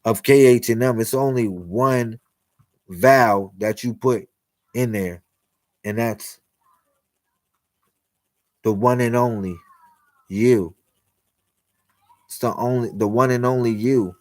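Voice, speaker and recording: A man's voice: medium pitch, slow pace, long pauses, darkish tone, no echo. A young man talking to viewers on a livestream, preaching about God and miracles in a loose, repetitive, slangy way. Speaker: livestream host. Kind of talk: spiritual livestream monologue.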